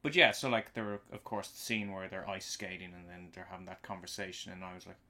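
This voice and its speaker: A man's voice: low-pitched, fairly even intonation, fast, sharp tone. A man co-hosting a casual live podcast, rambling with frequent restarts and fillers. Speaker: podcast co-host. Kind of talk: casual live episode discussion. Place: home basement.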